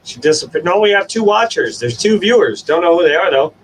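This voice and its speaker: A man hosting a casual stream and giving his dogs coaxing commands, jumping to high sing-song calls. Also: expressive, a little fast. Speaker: stream host. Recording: distant from the mic. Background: dogs, faint room noise.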